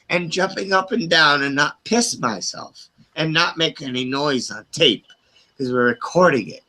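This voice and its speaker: A middle-aged man on an open group call, casually telling a long, profane, animated story with quoted voices. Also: high-pitched, low-quality recording. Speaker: hangout participant.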